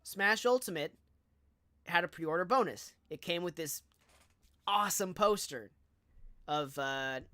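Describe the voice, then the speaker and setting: While streaming, a young Southern California man tells a casual, animated story, chatty and packed with filler words and asides. His voice is high and his pace measured, with frequent pauses and no echo.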